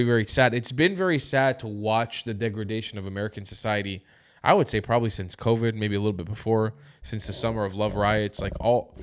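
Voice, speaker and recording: A man's voice: on the low side, clear, resonant tone. A man giving heated, emphatic news commentary straight to his viewers, tired and yawning. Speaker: commentary vlogger.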